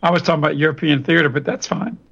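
Man on a radio call-in, gravelly voice, rambles and restarts a lot, muffled audio. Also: a little high, very fast, fairly bright tone. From Louisiana, US. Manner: lecturing, digressive, many restarts. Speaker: radio show guest. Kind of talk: radio interview monologue.

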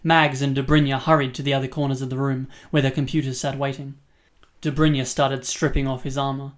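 A man narrating an audiobook in a steady, even reading voice. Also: medium pitch, brisk.

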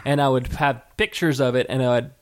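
A woman's voice: rumbling low, a little fast. A woman co-hosting a podcast, ranting in profane political banter and laughing often. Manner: animated, swearing, laughing often.

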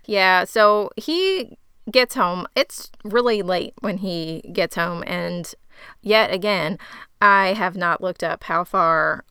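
A woman co-hosting a casual chat, retelling a story with sarcastic, animated asides. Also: on the low side, takes it slowly, smooth, no echo, clean studio sound. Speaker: podcast co-host recapping a film.

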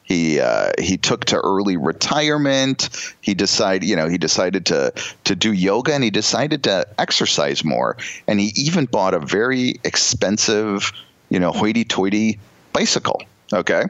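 Low-voiced man on a dull line. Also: very animated, normal speed, fairly bright tone, no room sound. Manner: chatty, rambling storyteller. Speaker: podcast co-host. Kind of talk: casual chat.

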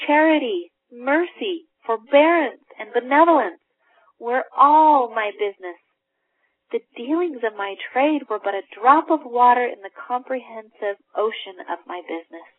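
A woman's voice: medium pitch, a little slow, no echo, natural voice. A woman reading as a mournful old ghost. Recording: tinny dry phone line.

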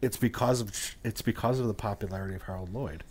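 A man's voice: lowish voice, fast talker, a crowd in the background. A man co-hosting a casual movie podcast, sharing film trivia in a loose, rambling way. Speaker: podcast co-host.

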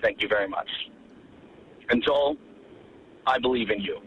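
A man's voice: lowish voice, huge pitch swings, measured pace, creaky, a bit bright. A man leaving a rambling, goofy voicemail by phone while driving in traffic. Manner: goofy, exaggerated, mock-indignant. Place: in a car in traffic. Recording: dull phone call with light noise.

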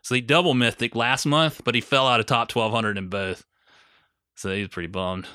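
A man's voice: mid-range voice, steady tone, normal speed, pushed and bright, no room sound, studio quality. A young adult man co-hosting a podcast, telling stories in casual chat with lots of swearing and mocking quoted voices. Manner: profane storytelling, mocks others in quoted voices. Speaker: podcast co-host.

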